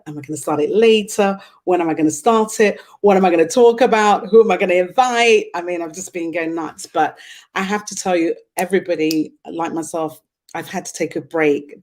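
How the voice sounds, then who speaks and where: A woman's voice: lowish voice, a little mellow. A middle-aged woman hosting a talk show in a chatty, playful way, laughing often and making asides.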